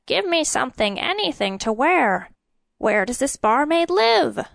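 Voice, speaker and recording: A woman voicing a greedy, frail old king who cries out in shrill, excited bursts in a storybook reading. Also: measured pace, creaky, no echo, studio quality, exaggerated voice. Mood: frantic.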